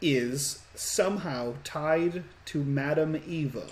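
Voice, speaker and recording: A man running a tabletop game as game master, narrating in an unhurried way with many fillers. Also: a little high.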